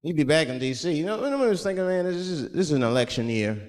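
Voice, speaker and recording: Animated male comic in a big hall. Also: a little high, fast. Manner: loose, conversational storytelling with slang. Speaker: stand-up comedian. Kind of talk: stand-up comedy set. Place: large performance hall. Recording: long hall reverb of a live venue.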